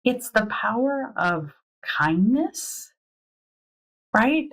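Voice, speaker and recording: A woman's voice: fairly high pitch, very animated, very slow, low-quality recording. A woman in a casual podcast conversation, speaking in an earnest, encouraging way. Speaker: podcast conversation partner, mother.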